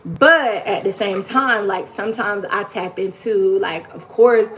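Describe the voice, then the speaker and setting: A mother of four chats casually on her YouTube livestream in a mid-range voice at a measured pace, with a little hiss or hum behind her. She rambles encouragingly, using lots of "like" as filler.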